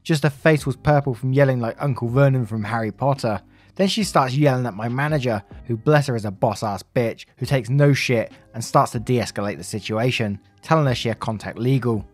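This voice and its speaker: Man narrating stories over soft music. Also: medium pitch. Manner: casual, chatty asides to viewers. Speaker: story narrator. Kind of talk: reading online stories aloud.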